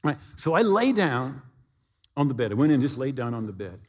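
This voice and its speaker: Male pastor, husky voice with lively pitch swings, animated sermon storyteller, long hall reverb. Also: fairly quick. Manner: animated storyteller, acts out sounds and dialogue.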